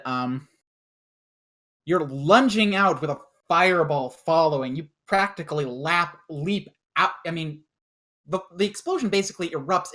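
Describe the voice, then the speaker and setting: A game master narrating a tabletop role-play scene, halting and stopping often to rephrase. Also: medium pitch, a bit bright. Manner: halting, full of restarts and fillers while describing scenes.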